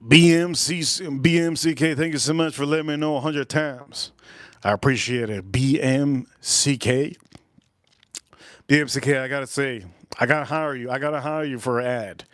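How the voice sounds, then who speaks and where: A man's voice: mid-range voice, moderate pace, dry recording, studio quality. A man hosting a live stream, telling rambling stories in loose, slangy casual chat. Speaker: livestream host, whiskey reviewer.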